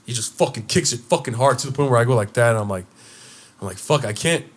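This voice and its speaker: A young man co-hosting a casual podcast, telling a school story with lots of swearing and getting loud and excited. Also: mid-range voice, fast talker. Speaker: podcast co-host.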